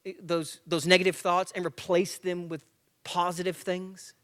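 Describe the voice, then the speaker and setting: At a church men's breakfast, a guest speaker in his forties delivers a motivational talk in a high voice at normal speed. He tells lively stories, performs the dialogue, and makes self-mocking jokes.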